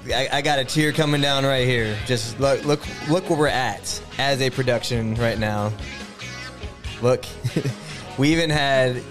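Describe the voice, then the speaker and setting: Young man, podcast co-host, casual, laughs often, swears, faint music behind. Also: mid-range voice.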